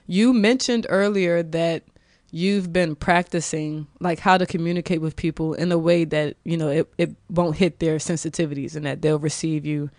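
A man's voice: a little high, steady tone, normal speed, a little mellow, no echo. A man hosting a podcast, asking thoughtful, carefully rephrased questions in a casual interview. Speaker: podcast host.

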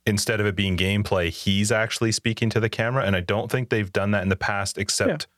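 A man's voice: on the low side, steady tone, fast, a bit bright, dry recording, clean studio sound. A man co-hosting a casual gaming podcast, rambling and often restarting his sentences. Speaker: podcast co-host.

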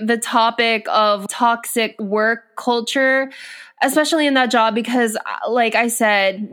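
A young woman telling a story in casual chat, animated and full of "like" fillers. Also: a little high, clean tone. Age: young adult. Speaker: podcast co-host.

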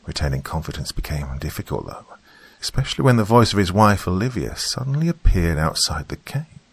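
Deep-voiced man narrating a horror story. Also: big pitch swings, a little fast, vocal fry, slightly rough. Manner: dramatic, dropping to a whisper for tension.

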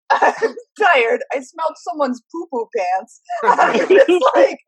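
A woman's voice: high voice, big pitch swings, slow, dry recording, rough recording. A woman telling stories in a casual podcast chat, often laughing as she talks. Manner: giggly, laughing storytelling. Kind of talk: casual chat among friends.

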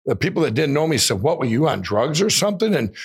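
A man with a slightly raised pitch tells a long personal story as an interview guest. He talks in an animated way, stumbles into restarts and acts out the voices of the people he quotes. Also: fast talker, husky.

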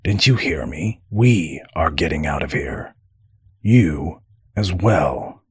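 A man's voice: very deep voice, animated, slow, slightly rough, no echo, clean studio sound, heavily acted. A man voicing a blunt young male halfkin who scolds his brother, in an audiobook fantasy story. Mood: scolding.

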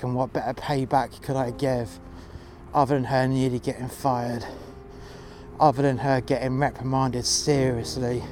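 A man's voice: medium pitch, darkish tone. A man from West London with a London accent, narrating his own revenge story outdoors in a profane, menacing way, over music. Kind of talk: first-person storytelling monologue. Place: outdoors in freezing cold.

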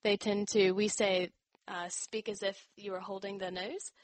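A woman's voice: mid-range voice, little pitch movement, normal speed, no echo. A young woman from North Carolina with a blended American accent that has Australian, New Zealand and British touches. She talks chattily, with many fillers. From North Carolina, USA. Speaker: interview guest. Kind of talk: casual interview chat.

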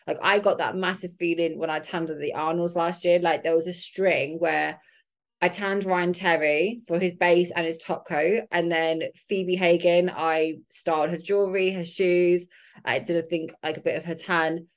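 A woman's voice: fairly low pitch, fairly even intonation, normal speed. A woman hosting a podcast, chatty and reflective, with lots of filler words. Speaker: podcast host. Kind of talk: casual interview chat.

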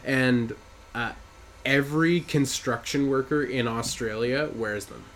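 A man's voice: mid-range voice, unhurried, a bit bright, a little hiss or hum. A man co-hosting a podcast in casual chat, rambling and laughing through crude banter. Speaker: podcast co-host.

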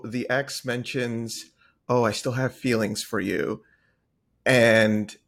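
A man's voice: medium pitch, fairly bright tone. A man chatting with friends on a podcast. He lays out his speculation at length and mocks the premise with disbelieving jokes. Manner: theorizing, exasperated jokes. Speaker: podcast co-host. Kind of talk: casual chat.

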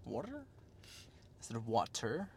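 A man's voice: mid-range voice, wildly swooping pitch, a little slow, vocal fry, a little hiss or hum. A young man hosting a casual chat. He talks in slang, teases, and asks lots of questions. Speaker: host.

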